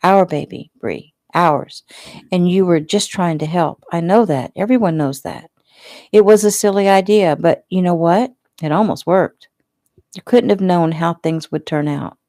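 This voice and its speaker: A woman voicing a devoted, worried young man who speaks softly and gently, read in her own low, gravelly voice. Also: unhurried, dry recording, clean studio sound. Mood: tender.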